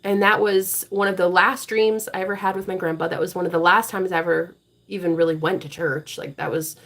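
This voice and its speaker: A woman hosting a live tarot reading stream, talking bluntly with a lot of profanity and turning preachy and forceful when she drives a point home. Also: fairly low pitch, steady tone, a little fast. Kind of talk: casual live-stream talk.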